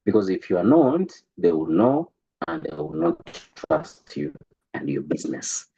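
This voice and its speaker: A man coaching a group on business, in an animated, preachy way that stumbles and repeats words, heard over an online call. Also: lowish voice, a little slow, creaky, husky, highs cut off. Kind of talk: motivational talk to a group.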